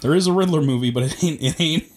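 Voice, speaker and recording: A man's voice: fairly high pitch, fast. A man co-hosting a podcast, casually riffing on a movie with jokes and pop-culture tangents. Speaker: podcast co-host. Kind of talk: casual chat recapping a movie.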